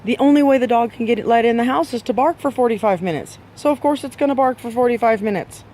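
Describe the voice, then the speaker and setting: A man's voice: extremely high pitch, quick pace, darkish tone. A man giving dog owners blunt training advice, emphatic and scolding, with many rhetorical questions.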